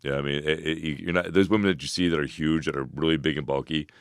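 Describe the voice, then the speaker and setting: A man in his forties co-hosting a casual advice podcast, giving fitness tips in a rambling way with loud laughs. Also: very deep voice, steady tone, clear, resonant tone, dry recording, studio quality. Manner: laughs loudly, talks fast with restarts. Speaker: podcast co-host.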